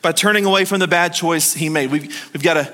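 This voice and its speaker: A man preaching a sermon as pastor of a church, telling stories in a lively way and calling on the congregation to answer him. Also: fairly high pitch, fairly quick. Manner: lively storytelling, calls on the congregation to respond. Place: church hall. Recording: long hall reverb.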